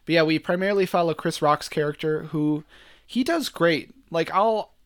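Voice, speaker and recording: A man's voice: a little high, normal speed, clean tone. A man co-hosting a casual movie review chat, talking loosely with lots of "like" and restarts. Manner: chatty, full of "like" and restarts. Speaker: podcast co-host.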